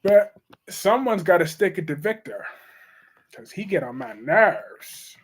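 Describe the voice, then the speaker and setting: A man's voice: high-pitched, big pitch swings, a little slow, breathy edge. A man hosting a casual live stream about soap operas. He talks bluntly and chattily and reads out viewer comments as he goes.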